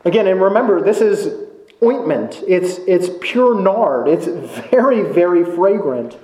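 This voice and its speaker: A man preaching a sermon in a church, slow and emphatic, with many rhetorical questions. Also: sits high, animated, mellow, echoey room, poor audio. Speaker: pastor. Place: church sanctuary.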